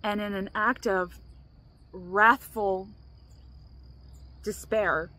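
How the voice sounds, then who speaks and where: A woman's voice: medium pitch, fairly even intonation, very slow, bright, forceful tone. Earnest rambling woman vlogger. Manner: rambling and earnest, restarts often, laughs between thoughts. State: emotional, choked up. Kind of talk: casual vlog talk.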